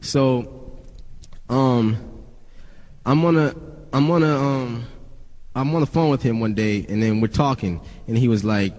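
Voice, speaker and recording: Young man, rapper, casual storytelling, swears a lot, restarts sentences, medium-pitched voice, reverb. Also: measured pace, pauses often, a little mellow. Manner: profane, rambling with many restarts.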